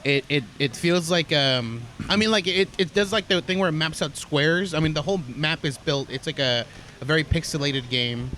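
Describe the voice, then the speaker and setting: A man's voice: a little high, normal speed, sharp tone, a little hiss or hum. A man co-hosting a casual podcast, describing things in a rambling way with many fillers. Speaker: podcast co-host.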